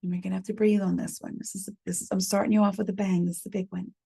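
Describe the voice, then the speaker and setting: A woman leading a support group through a gentle guided reflection, calmly reading out messages from the chat. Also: medium pitch, gravelly, husky. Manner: gentle, unhurried, reads chat messages aloud. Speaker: medium leading a healing workshop.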